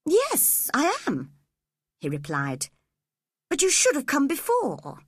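A woman's voice: high voice, wildly swooping pitch, takes it slowly, dry recording, studio quality, voice pushed up, exaggerated voice. A woman voicing a spoiled, feverish boy who whines and pities himself in a storybook reading. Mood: peevish. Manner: whiny, petulant. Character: spoiled feverish sickly boy, peevish and self-pitying.

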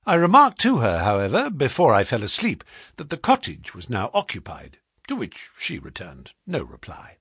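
Husky-voiced man reading a story expressively. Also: normal speed, no room sound, studio quality. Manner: highly expressive storytelling, dropping to hushed tones for suspense. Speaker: audiobook narrator. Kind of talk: first-person audiobook narration.

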